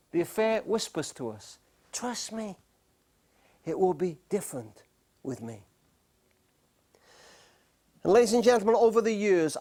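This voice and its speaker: Lively dramatic male speaker. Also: high voice. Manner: dramatic storyteller, drops to near-whispers for emphasis; repeats key phrases slowly. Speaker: speaker on marriage. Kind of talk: talk to a live studio audience. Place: studio with audience.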